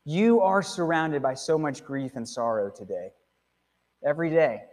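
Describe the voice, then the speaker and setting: Pastor, male, slightly raised pitch, chatty sermon delivery with check-in tags, long church reverb. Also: sing-song, measured pace, darkish tone. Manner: conversational preaching with frequent "okay?" and "right?" tags. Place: church sanctuary.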